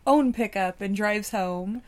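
A woman's voice: medium pitch, slow pace. A woman co-hosting a movie podcast in casual chat, giggly and teasing as she describes a beer. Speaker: podcast co-host.

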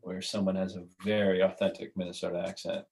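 Low-voiced man, rambling podcast guest. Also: little pitch movement, quick pace, vocal fry, darkish tone, a little hiss or hum, poor audio. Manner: rambling, restarts, laughs at his own jokes. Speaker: writer and creator guest. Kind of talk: casual podcast interview.

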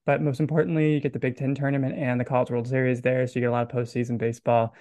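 A man's voice: mid-range voice, level tone, racing, a little mellow, no room sound. Joking Southern man hosting a podcast. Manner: joking, self-deprecating, rambling questions. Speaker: podcast host. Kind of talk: casual podcast chat.

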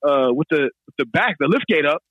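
Fast, animated male podcast storyteller. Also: on the high side, breathy edge, no echo, narrow, tinny audio. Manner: animated, laughing storyteller, acts out quotes. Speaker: podcast host. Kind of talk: casual storytelling.

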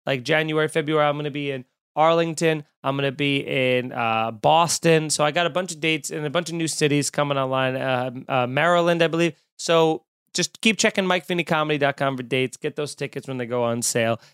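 A man, a stand-up comedian hosting a podcast, telling a story in a casual, animated and self-mocking way, with lots of swearing. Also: a little high, fairly quick, few pauses, clear, resonant tone, no room sound, clean studio sound.

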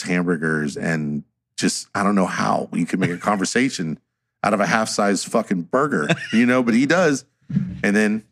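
A man with a fairly low voice tells long stories in a loose podcast conversation. He swears constantly and jumps into voices to quote his friends, keeping the tale rolling. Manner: profane, animated storyteller acting out quotes. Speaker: tattoo artist telling stories on a podcast. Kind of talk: casual podcast storytelling.

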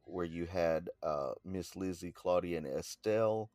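A man with a very low voice co-hosts a casual podcast. He talks unhurriedly and pauses often with "uh". The recording is dry and close. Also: a little mellow, no echo. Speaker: podcast co-host.

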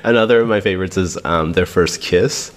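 Male co-host, very low voice, reflective and searching, casual book talk. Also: brisk. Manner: thoughtful, searching for words. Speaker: podcast co-host.

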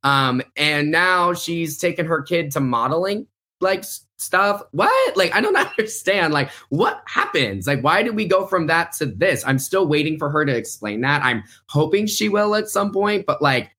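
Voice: medium pitch, lively intonation, moderate pace, bright, forceful tone. A podcast host in casual pop-culture chat, talking in a chatty way, filling the talk with "like" and laughing often.

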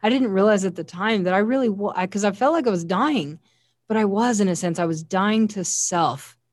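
A woman's voice: mid-range voice, normal speed, darkish tone, dry recording, studio quality. A woman giving an earnest, heartfelt faith testimony as an interview guest, often quoting scripture. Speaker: guest sharing a personal testimony.

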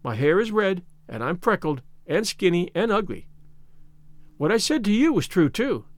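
A man's voice: sits high, sing-song, normal speed, dry recording. A man voicing a dramatic, imaginative young orphan girl who talks in a gushing, theatrical way. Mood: pleading.

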